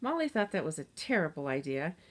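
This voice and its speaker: A woman narrating a children's chapter book aloud in a steady, gentle reading manner. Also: low-pitched, fast. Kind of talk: storybook read-aloud.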